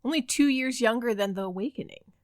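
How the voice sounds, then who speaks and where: A woman co-hosting a book podcast, chatty and quick to laugh. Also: a little high, no echo, studio quality. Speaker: podcast co-host. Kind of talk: casual chat.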